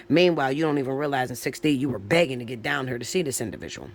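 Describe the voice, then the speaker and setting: A man delivers a chatty tarot reading very fast, with hardly any pauses, in a mid-range voice. He's loose and informal, curses occasionally, and keeps checking in with his listener by adding "all right?" or "okay?" to his lines. Slight background noise is present.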